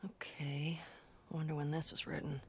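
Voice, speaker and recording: An actress playing a quiet, wary young woman survivor in a video game, speaking in a hushed murmur. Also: deep voice, level tone, moderate pace, gravelly, a little hiss or hum.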